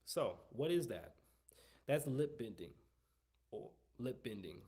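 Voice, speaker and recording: A man's voice: mid-range voice, very animated, takes it slowly, dark tone, husky. Male trumpet teacher, live lesson, wordy, restarts phrases, coaching. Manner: long-winded, repeats himself, coaching tone. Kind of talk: live online music lesson.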